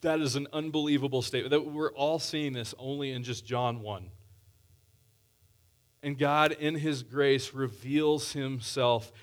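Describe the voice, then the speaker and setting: Male pastor, mid-pitched voice, earnest conversational sermon with scripture readings. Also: steady tone, measured pace.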